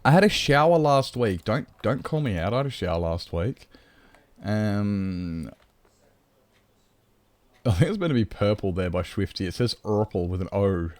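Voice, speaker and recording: A man's voice: lowish voice, a little mellow, no room sound. An Australian man streaming a game, chatting casually and answering his chat in a rambling way.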